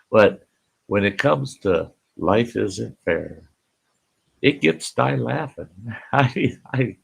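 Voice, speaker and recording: A man's voice: fairly low pitch, creaky, slightly rough. An older man hosting a casual live stream, folksy, greeting chat viewers by name and often laughing, with an Upper Midwest American accent.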